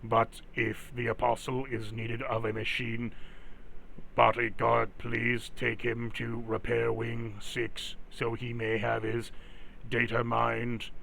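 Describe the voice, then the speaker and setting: A man voicing a stiff male security robot that speaks in clipped, monotone machine commands. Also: mid-range voice, slow pace, gravelly, slight background noise. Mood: robotic. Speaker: game master.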